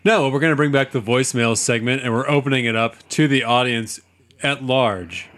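A man's voice: mid-range voice, normal speed, fairly bright tone. Playful young male podcast co-host. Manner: playful, crude quips. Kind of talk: casual chat.

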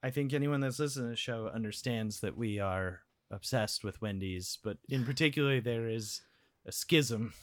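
A man's voice: medium pitch, moderate pace, dry recording. A man co-hosting a podcast in casual, joking chat, swearing freely over a video call. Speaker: podcast co-host.

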